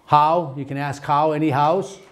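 A man teaching a Bible study class, talking in halting bursts with frequent restarts and quizzing his students. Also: a little high, fairly even intonation. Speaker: theology teacher. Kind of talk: interactive Bible study lecture.

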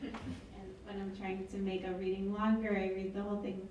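A woman's voice: mid-range voice, completely flat delivery, moderate pace, hardly any pauses, mellow, far from the mic, slight background noise. A woman author reading her book aloud at an event, with wry, chatty asides. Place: event hall. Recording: echoey hall, mic from afar.

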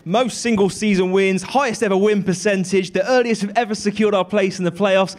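A man's voice: sits high, fairly even intonation, fairly quick, darkish tone. A man hosting a live podcast in front of an audience, upbeat and asking guests questions. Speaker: podcast host.

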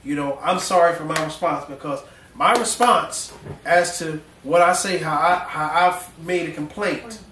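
A male pastor preaching a folksy, animated sermon full of slang, drawing responses from the congregation. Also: on the high side, unhurried, slight background noise. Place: church sanctuary. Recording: echoey church room, mic at a distance.

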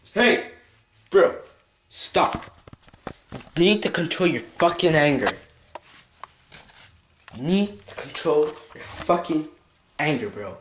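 A man's voice: on the high side, big pitch swings, slow, long pauses, roomy sound, slight background noise. A male vlogger in an agitated comedic skit, swearing a lot and stammering over his words. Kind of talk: comedic self-argument skit.

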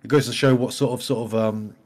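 A man's voice: mid-range voice, fairly even intonation, fast, darkish tone. Man, upbeat, rambling, casual reaction chat. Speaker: reaction video co-host.

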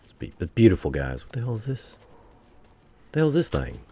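Gravelly low-voiced man grumbling through a game. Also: huge pitch swings, fairly quick, mellow. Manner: swears freely, grumbles and talks to viewers as "people". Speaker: gameplay streamer. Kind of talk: casual gameplay commentary.

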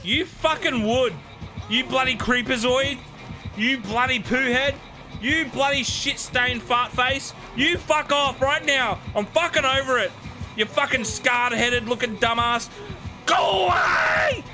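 Loud, foul-mouthed male streamer with a high, animated voice; music heard behind. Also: a little slow. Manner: loud, shouting and swearing at the game. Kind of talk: live gameplay commentary. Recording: game music playing behind.

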